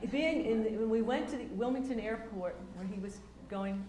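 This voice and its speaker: An older woman telling stories in a casual, animated way, acting out quotes with lots of fillers and restarts. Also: fairly high pitch, moderate pace, echoey room, slight background noise. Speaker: speaker recounting memories. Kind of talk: casual storytelling talk.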